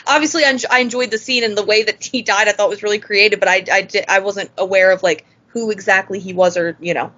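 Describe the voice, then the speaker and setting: A woman's voice: mid-range voice, fairly even intonation, fast talker, hardly any pauses, pushed and bright. Hesitant woman on a podcast, dull audio. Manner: hesitant, self-correcting questions. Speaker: podcast co-host. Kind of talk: casual chat.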